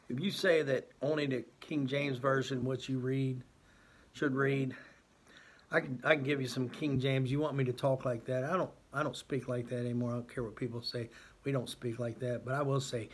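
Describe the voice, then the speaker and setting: Exasperated husky man preaching to camera. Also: mid-range voice, fairly even intonation, normal speed. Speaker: christian youtuber. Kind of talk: impassioned faith monologue.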